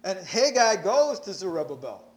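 A man's voice: high voice, big pitch swings, moderate pace. A man preaching a sermon, emphatic, repeating words as he presses his points.

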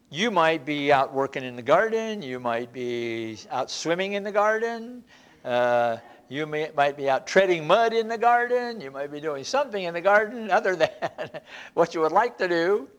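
A church Bible teacher speaking in a relaxed, folksy manner, circling back over phrases as the thought takes shape. The pitch sits in an ordinary middle range. It sounds like a lesson given to a small group in a church. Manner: conversational, repeats and restarts phrases, folksy asides.

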